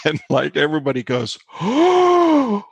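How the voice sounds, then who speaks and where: A man's voice: lowish voice, moderate pace, no echo, highs cut off. A male actor as interview guest, telling behind-the-scenes anecdotes with lots of fillers and acted-out quotes. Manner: animated anecdote teller, acts out quotes, many fillers. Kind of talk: storytelling interview.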